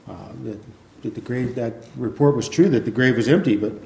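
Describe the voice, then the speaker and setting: A man preaching a sermon in a relaxed, conversational way, with many fillers, who reads passages of scripture aloud. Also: medium pitch, brisk, creaky. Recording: echoey room.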